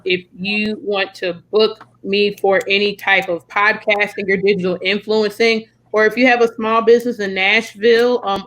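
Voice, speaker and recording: A woman's voice: medium pitch, fairly bright tone, rough recording. Chatty American woman hosting a podcast. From United States. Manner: chatty, friendly, lots of fillers. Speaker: podcast host. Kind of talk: casual video-call podcast chat.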